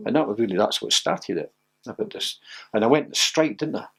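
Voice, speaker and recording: A man's voice: fairly low pitch, expressive, a little fast, creaky. An older Scottish man, a former footballer, reminiscing in an interview and telling stories with acted-out quotes. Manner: storytelling, laughs often, acts out quotes.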